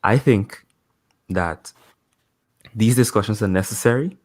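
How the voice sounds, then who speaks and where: A man speaking as a guest in a casual live-stream discussion, laying out his argument deliberately, point by point. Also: lowish voice.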